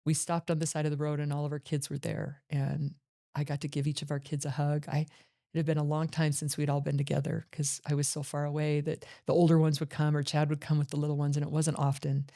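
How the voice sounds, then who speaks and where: A woman's voice: low voice, completely flat delivery, quick pace, mellow. A middle-aged woman hosting a podcast, telling her own life story in an earnest, reflective monologue. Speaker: podcast host.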